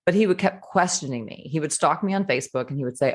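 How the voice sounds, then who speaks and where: A woman with a notably low-pitched voice speaks as a podcast guest. She tells her story frankly and with animation, often acting out what she once said and thought. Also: fast talker. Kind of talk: candid conversational storytelling.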